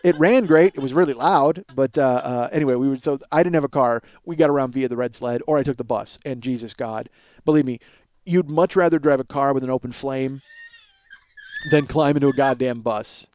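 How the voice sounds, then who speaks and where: A man's voice: mid-range voice, fairly quick, darkish tone, no room sound. A middle-aged man from the Chicago area telling rambling, profane, self-mocking comic stories as a podcast host, acting out bits of dialogue. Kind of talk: comic storytelling monologue.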